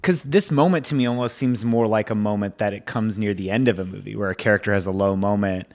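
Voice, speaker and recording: A man's voice: lowish voice, fast talker, a little mellow. A man guesting on a podcast, rambling and thinking aloud about a movie. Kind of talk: casual movie chat.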